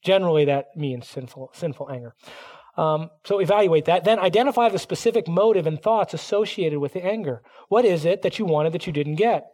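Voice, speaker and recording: A middle-aged man preaching a sermon, animated, acting out quoted voices as he teaches. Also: on the high side, fairly quick. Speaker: pastor.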